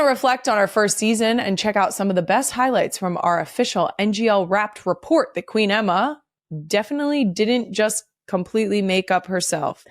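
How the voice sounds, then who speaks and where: A woman's voice: medium pitch, animated, moderate pace, no echo, studio quality. A woman in her thirties hosting a podcast, talking candidly and bluntly with plenty of swearing. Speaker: podcast host. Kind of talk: casual podcast monologue.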